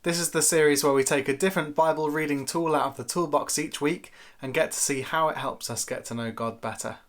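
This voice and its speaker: A man's voice: a little high, steady tone, fairly quick. A man giving a conversational, lightly playful Bible teaching talk to camera for a church video series.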